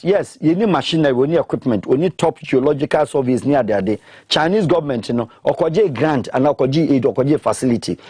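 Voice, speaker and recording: A man with a Ghanaian accent, speaking emphatically in an animated discussion that mixes English and Twi, pressing his points with repeated questions. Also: medium pitch, breathy edge, no room sound, studio quality.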